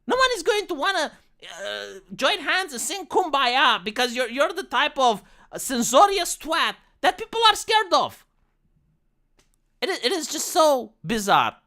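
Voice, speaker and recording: A woman's voice: high-pitched, big pitch swings, a little slow, bright, forceful tone. A young woman streamer giving blunt, sweary casual commentary with lots of restarts, from Romania.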